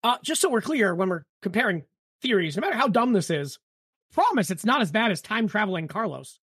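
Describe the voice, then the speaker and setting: A woman's voice: mid-range voice, sing-song, a little fast, breathy edge, dry recording, studio quality. A woman co-hosting a book podcast in casual chat, full of "like" and restarts. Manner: chatty, lots of "like" and restarts. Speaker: podcast co-host.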